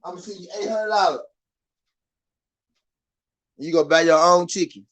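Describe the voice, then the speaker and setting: A man with a Southern US accent hosting a casual live boxing chat, animated and repetitive, swinging from muttering to loud outbursts. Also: high-pitched, moderate pace. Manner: animated, swings from muttered to shouted, laughs often, repeats himself. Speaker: boxing show host.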